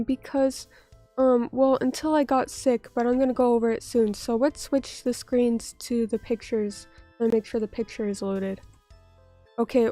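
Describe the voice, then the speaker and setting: Woman streamer, high voice, recovering from a cold, chatty and self-mocking, dry close mic. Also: warm tone, dry recording. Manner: chatty, self-deprecating, swears casually. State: still sick, recovering from illness. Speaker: vtuber streamer. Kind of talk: casual livestream chat, reading viewer comments aloud.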